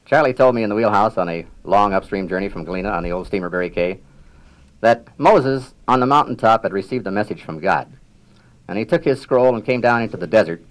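An older man, a riverboat captain, reminiscing in a measured storytelling manner with dry humor and frequent throat clearing. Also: lowish voice, expressive, low-quality recording. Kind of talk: reminiscing public talk.

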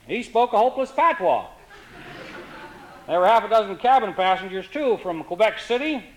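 A man telling comic stories in a dry, wry, deadpan way. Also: sits high, moderate pace, slight background noise, poor audio. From Canada. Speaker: humorist. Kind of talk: comic storytelling.

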